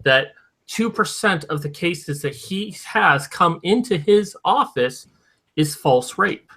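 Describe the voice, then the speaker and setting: A man's voice: high-pitched, animated, slow pace, pushed and bright, breathy edge. A man co-hosting a casual talk show, arguing his points and explaining them at length. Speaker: co-host. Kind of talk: casual podcast chat.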